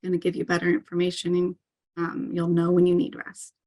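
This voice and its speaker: A woman's voice: fairly low pitch, completely flat delivery, brisk, a little mellow. A woman talking as a parkour coach in a casual interview, earnest and chatty, with frequent "um" and "like" fillers and light laughs.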